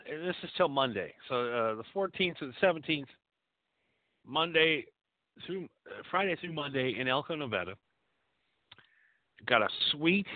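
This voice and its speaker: A man's voice: a little high, no room sound, narrow, tinny audio. A man hosting a call-in show, talking crudely and rambling. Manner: profane, rambling and animated. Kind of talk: crude casual call-in talk.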